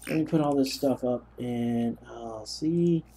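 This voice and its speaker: A man's voice: medium pitch, a little slow, mellow, a little hiss or hum. A young man narrating a gameplay session, telling rambling, self-mocking stories as he plays. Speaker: gaming commentator. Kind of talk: let's play commentary.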